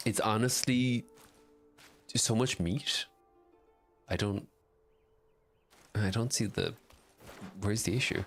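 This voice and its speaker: An excitable man chatting casually and swearing while live-streaming a game, reacting loudly and answering chat. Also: lowish voice, slow, long pauses, soft background music. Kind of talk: casual live gameplay commentary.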